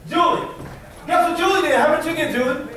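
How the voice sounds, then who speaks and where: An animated man leads a motivational training session and keeps quizzing the crowd in casual speech. His voice sits very high. It comes from a distance in a hall with heavy echo. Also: a little fast. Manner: animated, colloquial, quizzes the audience. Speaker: sales trainer. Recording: echoey hall from far off.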